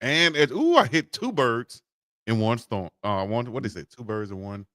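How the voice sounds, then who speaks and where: A man co-hosting a casual sports talk show, playful and quick to laugh. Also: medium pitch, expressive, fairly bright tone, no echo, studio quality. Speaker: co-host.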